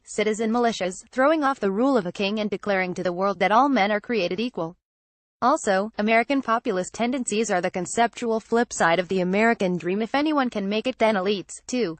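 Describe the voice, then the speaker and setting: A woman narrates a political commentary piece in a steady, measured reading voice. Her pitch sits in an ordinary middle range. The recording is dry and close, with no room sound. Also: no echo. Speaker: narrator reading an opinion article. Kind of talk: scripted narration.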